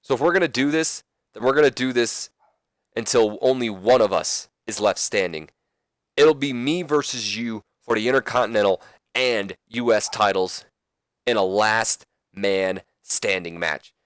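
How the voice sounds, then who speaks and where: A man's voice: fairly low pitch, unhurried, no echo, natural voice. A man voicing a proud, defiant male wrestling champion who taunts a rival. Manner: forceful, taunting.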